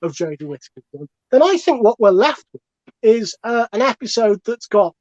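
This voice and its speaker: A man's voice: extremely high pitch, expressive, normal speed, darkish tone. A man talks through a comic podcast argument, rambling and digressing and swearing freely. The sound is dull and lo-fi, and the dry recording has no room echo at all. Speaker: comedian panelist.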